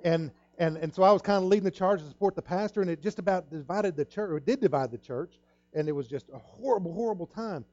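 A middle-aged pastor with a high-sitting, darkish voice preaches fast in a dry recording with the highs cut off. In his sermon he earnestly tells a personal story, repeating himself and acting out the voices in it.

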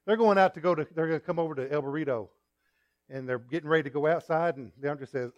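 A male pastor delivering a sermon as a string of everyday stories, turning often to the congregation with asides. He swings between punchy emphasis and quiet remarks, in a voice that sits fairly high for a man. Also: fast, highs cut off. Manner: conversational storytelling with asides to the congregation.

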